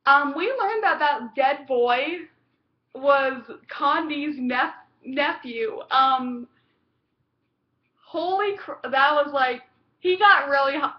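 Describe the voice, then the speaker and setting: A woman recapping a TV episode in casual chat, rambling and gushing, with lots of fillers and restarts. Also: sits high. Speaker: TV episode reviewer. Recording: dull lo-fi home recording.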